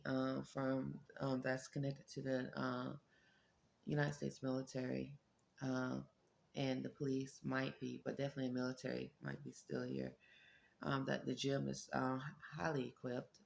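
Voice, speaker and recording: A woman recording a casual morning video diary in her apartment, just woken up with her voice lower than usual, talking haltingly with many ums and restarts. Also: vocal fry, a little mellow, slight background noise. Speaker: vlogger. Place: apartment room with window open.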